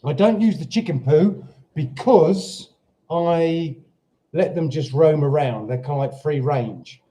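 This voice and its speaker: A slow-talking British man rambles through a casual livestream from home. His voice is very dark and mellow, set a little high for a man. He wanders off to chat to his dog and read out viewer questions. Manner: chatty, rambling, talks to his dog and reads out viewer comments. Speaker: livestream host. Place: home in Portugal.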